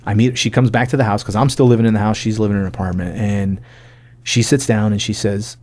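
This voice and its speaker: A man in his forties shares his personal testimony as a podcast guest, speaking in a fairly low voice. He tells the story casually and animatedly, slipping into the voices of the people he quotes. His talk is loose and full of fillers. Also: quick pace. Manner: animated, acts out quoted dialogue; casual, many fillers like "like" and "you know". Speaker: podcast guest, army sergeant major.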